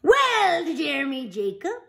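A woman voicing a boisterous male pirate captain who shouts his lines slowly and drags out every word. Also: high voice, very animated, gravelly, voice pushed up, heavily acted. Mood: hearty, bossy. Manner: slow, drawn-out shouted pirate talk.

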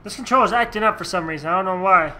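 A man giving loud, jokey commentary on his video game playthrough. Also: high voice, rapid-fire, soft background music. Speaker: let's play gamer. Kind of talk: casual gameplay commentary.

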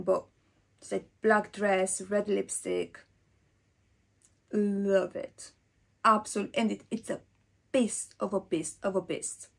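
Young woman, gravelly fry, husky tone, chatty perfume talk, slips into whispers. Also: mid-range voice. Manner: chatty, rambling, drops into breathy whispers. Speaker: perfume vlogger. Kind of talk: casual perfume review.

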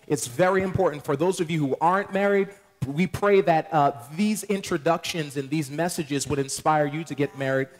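A man's voice: fairly high pitch, normal speed. Playful pastor, a man telling wedding stories. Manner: playful, joking, addresses the congregation. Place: church sanctuary.

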